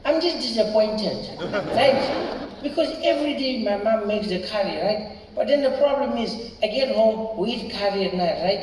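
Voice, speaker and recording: A man's voice: high voice, expressive, normal speed, voice pushed up. A man voicing a seven-year-old boy who is fed up with eating curry every day. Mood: weary complaining. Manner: shrieking complaints, then weary grumbling. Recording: echoey hall from far, crowd noise.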